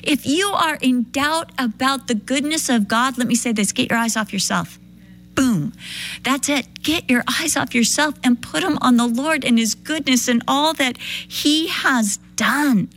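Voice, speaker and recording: A woman preaching a sermon in an animated way, acting out the voices of the people she quotes. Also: high voice, unhurried.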